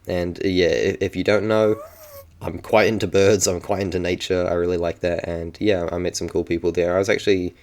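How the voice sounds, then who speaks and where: A man's voice: sits low, a little mellow. A young man with a New Zealand accent chatting casually in a vlog, rambling and often correcting himself. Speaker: YouTuber.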